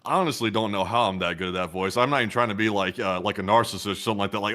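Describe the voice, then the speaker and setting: A man's voice: lowish voice, rapid-fire, bright, forceful tone. A man co-hosting a casual live stream, chatting in a rambling, self-amused way. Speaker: co-host.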